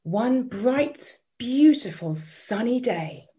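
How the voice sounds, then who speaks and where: A woman storyteller reading a children's story aloud, expressive, dropping to whispers and inviting listeners to join in. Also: medium pitch, takes it slowly, few pauses.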